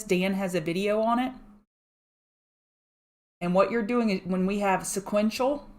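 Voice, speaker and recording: A woman giving fast, chatty live chart commentary from home and thanking viewers by name. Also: mid-range voice. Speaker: market analyst host. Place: home room.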